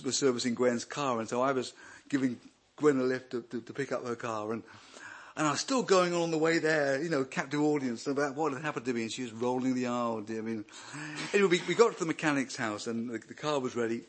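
A man's voice: mid-range voice, fast. A middle-aged man preaching a sermon, joking and restarting his sentences often. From Wales. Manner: animated, joking, with many restarts.

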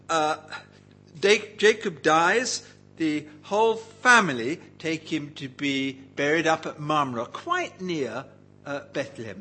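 A man's voice: medium pitch, pushed and bright, slight background noise, rough recording. A man preaching a Bible teaching sermon in an engaging way, often putting questions to his listeners.

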